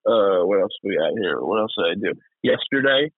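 A man's voice: on the low side, animated, a little fast, dry recording. A young man co-hosting a podcast in loose, profane casual chat, laughing often. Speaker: podcast co-host. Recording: tinny phone-like, dry.

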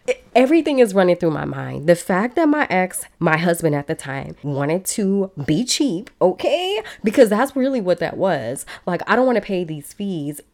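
A woman in her thirties with a somewhat low voice tells her own story on a podcast. She is animated and emphatic, leaning on repetition and addressing her listeners directly. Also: normal speed, few pauses. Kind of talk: emotional personal storytelling.

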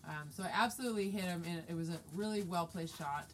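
A woman in her forties telling a story casually and lively, acting out quoted dialogue. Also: fairly low pitch, fast, slight background noise. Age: 40s. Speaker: guest telling a hunting story.

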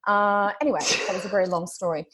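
A woman hosting a casual chat, telling a story in an animated, dramatic way. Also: medium pitch, fast. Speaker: podcast host.

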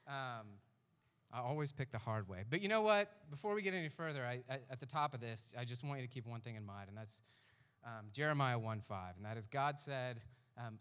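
A man's voice: medium pitch, animated, normal speed, fairly bright tone, clear, resonant tone. A man preaching a casual, jokey testimony sermon in a church auditorium on a stage mic, self-mocking and rambling, a little out of breath. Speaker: guest speaker. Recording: reverberant hall.

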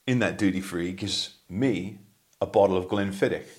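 A man's voice: low-pitched, moderate pace. A man, a musician, telling rambling anecdotes in casual chat, with plenty of ums. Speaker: musician guest.

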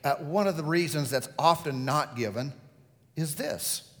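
A man's voice: fairly high pitch, expressive, a little slow, fairly bright tone, big-room sound. A male pastor preaching a sermon, telling the story vividly and putting questions to the congregation.

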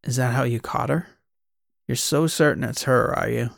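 A man's voice: medium pitch, normal speed, gravelly, no echo, studio quality. A man voicing a curious woman who asks a detective short, probing questions.

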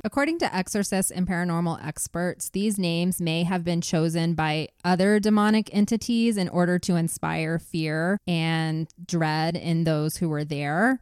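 Woman podcast host, lowish voice, storytelling, dry close sound. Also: fairly even intonation, moderate pace, few pauses, darkish tone, clean tone, no room sound. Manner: storytelling, laughs often. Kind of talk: casual true-crime podcast chat.

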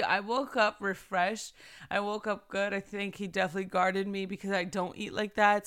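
A woman in her thirties hosting a faith podcast, talking in a chatty, animated way and addressing listeners as "sis". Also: medium pitch, clean tone. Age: 30s. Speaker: podcast host. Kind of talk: casual faith podcast talk.

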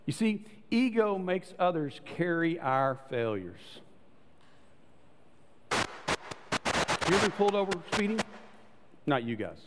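Animated male preacher in a reverberant hall. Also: slow pace, pauses often, slight background noise. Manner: conversational preaching, acts out voices with rising pitch. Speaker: pastor. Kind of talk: sermon.

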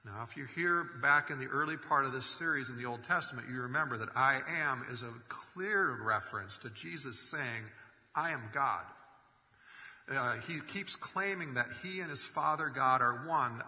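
A man's voice: medium pitch, moderate pace, pushed and bright. A man preaching a sermon as pastor, conversational with wry jokes between scripture readings. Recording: long reverb of a large hall.

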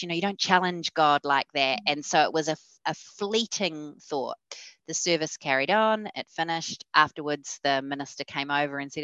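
New Zealand woman, low crisp voice, lively storyteller, dry muffled sound. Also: moderate pace, no echo. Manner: lively storyteller, acts out quoted speech. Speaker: guest. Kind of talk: telling a personal faith story.

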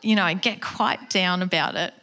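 A woman's voice: on the low side, normal speed, bright, forceful tone. A woman giving a personal testimony as a guest speaker, speaking in an earnest, conversational way and acting out the voices in her story.

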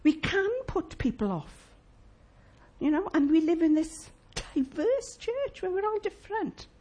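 A woman preaching a sermon in church, emphatic and lively, asking the congregation rhetorical questions. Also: very high voice, a little slow.

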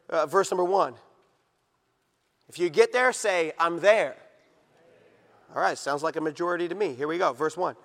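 A man preaching a sermon with fervent emphasis, swinging between loud declarations and low, drawn-out phrases. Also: big-room sound.

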